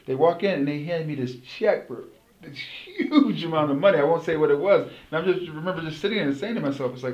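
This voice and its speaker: A man's voice: a little high, expressive, fast, darkish tone, muffled recording. A middle-aged man, a former pro football player, telling stories as an interview guest, rambling and restarting his words. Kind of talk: casual interview storytelling. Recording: roomy echo.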